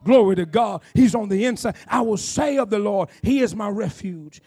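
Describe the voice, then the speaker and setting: High-voiced preaching man. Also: lively intonation, moderate pace, breathy edge. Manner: preaching with rising shouts and call-outs to the congregation. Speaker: pastor. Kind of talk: sermon.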